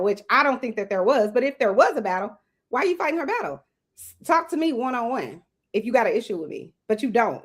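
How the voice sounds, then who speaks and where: A woman hosting a casual online panel chat, talking bluntly and profanely about online drama. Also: on the high side. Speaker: host.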